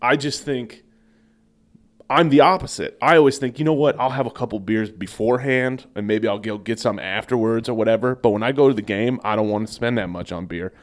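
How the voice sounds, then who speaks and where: A man's voice: medium pitch, a little fast. Earnest young man making his case. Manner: earnest, insistent debating. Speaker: podcast co-host. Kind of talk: casual comedic banter.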